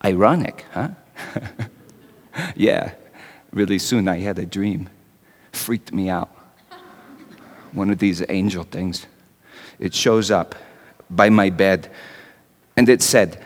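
An actor playing a young carpenter in a dramatic stage monologue, talking in a conversational way with wry asides and stammered repeats. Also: male voice, low-pitched, slow, pauses often, exaggerated voice. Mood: hushed. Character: Joseph the carpenter, young man, wry and anguished. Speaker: actor in a one-man monologue. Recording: long hall reverb.

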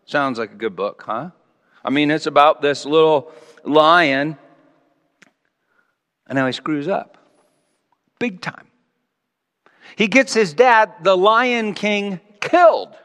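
A man in his sixties gives a self-mocking storytelling sermon, dropping to a low murmur and then rising to loud exclamations. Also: animated, takes it slowly, long pauses. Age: 60s. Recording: long hall reverb.

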